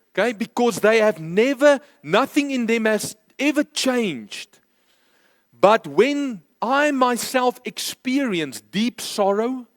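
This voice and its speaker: Pastor, male, high voice, slow emphatic sermon delivery, dry close sound. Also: dry recording. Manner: emphatic, repeats key phrases, slows for stress. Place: church.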